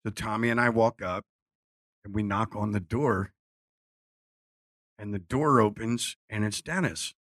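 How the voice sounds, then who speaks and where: A man's voice: lowish voice, unhurried, long pauses, fairly bright tone, no echo. A man from Philadelphia telling a casual story, acting out quotes and swearing freely. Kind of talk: casual anecdote.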